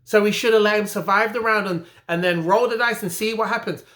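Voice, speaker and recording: A man's voice: high voice, steady tone, brisk, bright, forceful tone. An English man ranting indignantly about a boxing result, repeating his points with emphatic frustration. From England. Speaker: boxing commentary vlogger. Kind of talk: heated opinion rant.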